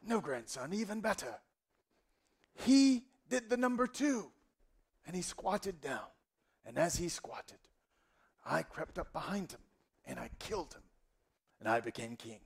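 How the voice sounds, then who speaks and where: A man voicing a boastful old grandfather who tells tales in a hushed, slow, storytelling way. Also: high-pitched, big pitch swings, gravelly, breathy edge, pitched above the performer's own voice, heavily acted. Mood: sly boastful.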